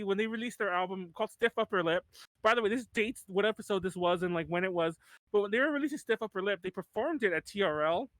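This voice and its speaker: A man's voice: high-pitched, fairly bright tone, no echo. A man in his thirties hosting a podcast in casual chat, rambling with lots of "like" and restarts and laughing often. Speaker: podcast host.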